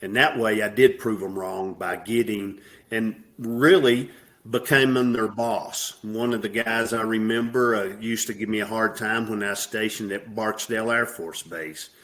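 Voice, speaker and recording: A man's voice: fairly low pitch, fairly even intonation, a little slow, fairly bright tone. A middle-aged man with a Southern US accent, talking plainly and at ease as an interview guest, with many fillers. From American South. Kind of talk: casual interview.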